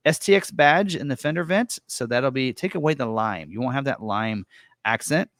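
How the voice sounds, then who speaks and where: In this clean studio recording with no echo, a truck ordering guide presenter casually steps through an online configurator's vehicle options. His mid-range voice has lively intonation, a moderate pace and a fairly bright tone, and his talk is loose, full of fillers and self-corrections.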